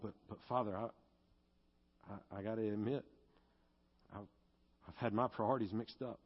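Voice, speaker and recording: A man's voice: fairly low pitch, fairly even intonation, moderate pace, long pauses, slightly rough, dull audio. A male pastor preaching a sermon and leading a closing prayer, earnest and confessional, at times rising into fervent pleading.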